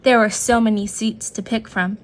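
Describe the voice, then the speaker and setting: A woman's voice: mid-range voice, normal speed. Woman reading a picture book to children. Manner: gentle, expressive read-aloud narration. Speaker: storyteller.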